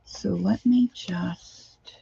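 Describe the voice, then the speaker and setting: A woman's voice: fairly low pitch, very slow, vocal fry, dark tone, breathy edge, no echo, muffled recording. A middle-aged woman chatting casually to herself and her viewers while she crafts at home, rambling from one thought to the next. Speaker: craft vlogger.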